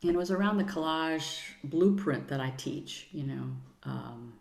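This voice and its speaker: A middle-aged woman, a guest on a podcast, talking in an earnest, soothing way and using gentle pet names. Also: low-pitched, expressive, a little slow, creaky. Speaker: podcast guest, sound healer. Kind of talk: casual interview chat. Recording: roomy echo.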